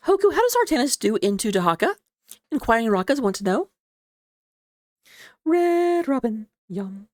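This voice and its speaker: A woman's voice: fast talker, dry recording, clean studio sound. Chatty, giggly woman esports caster. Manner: relaxed, lounging low in a chair. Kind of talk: casual esports commentary.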